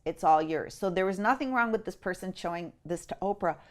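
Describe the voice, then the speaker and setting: A middle-aged woman, an interview guest, tells a personal story in an animated, emotional way and acts out the voices of the people in it. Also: mid-range voice, fast.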